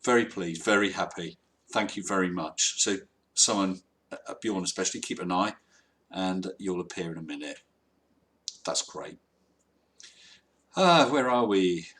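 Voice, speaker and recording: A man's voice: sits low, normal speed, a bit bright. A man hosting a live stream, chatting casually and wryly reading out viewer comments. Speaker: livestream host.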